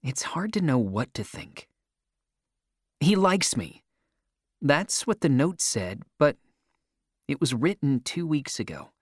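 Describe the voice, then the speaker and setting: In a slow, unhurried reading, a man tells a first-person story with clear emotion and big, expressive pitch swings. The recording is close and dry, without echo.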